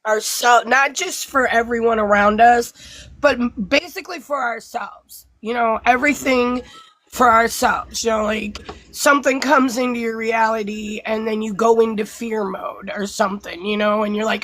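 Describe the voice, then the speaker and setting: A woman's voice: a little high, steady tone, normal speed, fairly bright tone, dry recording, poor audio. A woman hosting a casual spiritual group chat, talking earnestly and rambling with many restarts. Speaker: spiritual class host.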